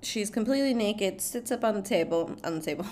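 A woman's voice: mid-range voice, expressive, a little fast, darkish tone. A young woman retelling a film plot in casual chat. She talks with a lot of profanity, laughs often, and fills her speech with "like" and "blah, blah.".

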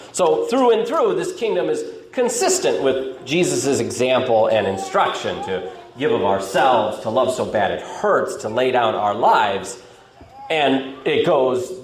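A man preaching a sermon as a pastor, explaining scripture in a conversational teaching manner. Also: mid-range voice. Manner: conversational teaching, lively rising and falling delivery. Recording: echoey room, faint noise.

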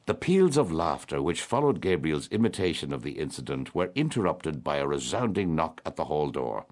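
A man with a very low voice narrates classic fiction as an audiobook. His reading is measured yet highly animated, swinging through a wide range. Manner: expressive, measured storytelling.

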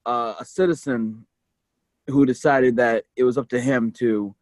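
A man's voice: steady tone, unhurried, a little mellow, dry recording, rough recording. A man co-hosting a podcast, speaking with fervent conviction and climbing into exasperated outbursts. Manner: fervent, rising to exasperated high pitch. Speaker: podcast co-host. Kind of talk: impassioned podcast rant.

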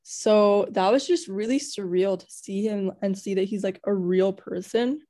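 A young woman chats on a podcast in a warm, mellow voice. She rambles and gushes, filling her talk with "like" and restarts. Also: mid-range voice, unhurried. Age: young adult. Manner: rambling and gushing, heavy use of "like". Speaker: podcast co-host. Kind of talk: casual chat.

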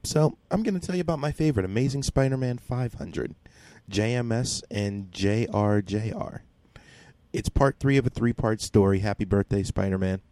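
A man's voice: on the low side, expressive, normal speed, warm tone, no echo. A man on a podcast steadily recapping a comic issue in casual, methodical detail. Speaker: podcast co-host.

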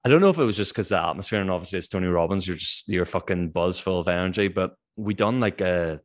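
A man with a very low voice talks in an easygoing podcast chat. He tells his stories with animation and swears without a second thought. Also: fast talker. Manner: swears freely, animated storytelling.

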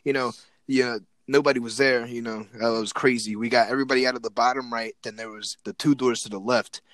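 Excitable young man telling a wild story. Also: medium pitch, quick pace, no echo. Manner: excited, animated retelling with acted-out quotes and repeated words. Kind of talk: casual storytelling chat.

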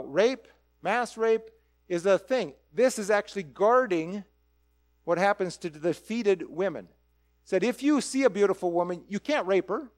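A man preaching a conversational sermon, animated and full of rhetorical questions. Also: high voice. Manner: animated, asks rhetorical questions, acts out quick quoted voices.

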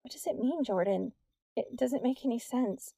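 A woman's voice: fairly high pitch, moderate pace, creaky, dark tone, husky, dry recording, studio quality. A woman voicing an anxious, secretive teenage girl speaking urgently.

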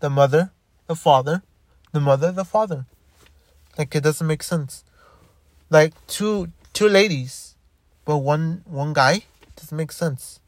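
A young man hosting a solo podcast, talking in a halting, rambling way with many restarts and frequent swearing. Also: fairly high pitch, no echo. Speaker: podcast host.

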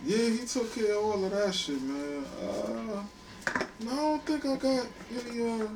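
A man bantering on a podcast, his voice somewhat high and animated, tossing out jokes in loose slang. A faint hiss sits under the talk. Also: moderate pace, gravelly. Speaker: podcast co-host. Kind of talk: casual chat.

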